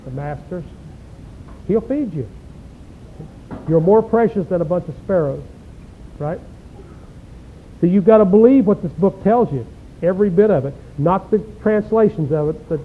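Man preaching, high voice, tinny phone-like sound, rhetorical questions, scripture reading. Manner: rhetorical questions, folksy asides. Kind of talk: sermon reading and explaining scripture. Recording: tinny phone-like lo-fi recording with faint rumble.

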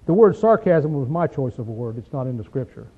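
A man preaching a conversational Bible study in a folksy, emphatic way, often checking in with "see?" and "okay?" and clearing his throat. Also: mid-range voice, big pitch swings, fairly quick. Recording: tinny phone-like sound.

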